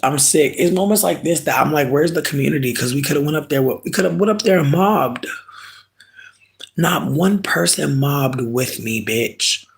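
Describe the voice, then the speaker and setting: A man chatting casually with viewers, ranting in an animated, emphatic, comic way and often stretching words slowly for effect. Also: a little high, vocal fry. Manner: profane, drawn-out slow emphasis. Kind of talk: casual chat.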